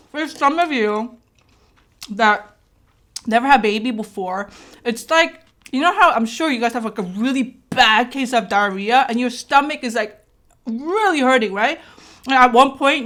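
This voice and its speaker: A woman's voice: on the high side, normal speed, a bit bright. A woman, telling a rambling story casually to her viewers in a mukbang vlog, with many "like"s and "right?"s. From Korea. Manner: rambling, chatty, filled with "like" and "right?". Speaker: vlogger and mother.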